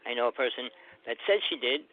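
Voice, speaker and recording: A man's voice: medium pitch, animated, quick pace. An older man calling in as a guest to a talk radio show, chatting in a loose, rambling way over his phone. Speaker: call-in guest. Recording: tinny phone line.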